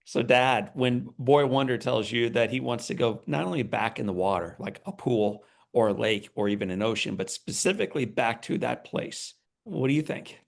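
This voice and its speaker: A man's voice: medium pitch, lively intonation, moderate pace, gravelly. A man hosting a podcast interview, enthusiastic as he asks his guests questions. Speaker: podcast host.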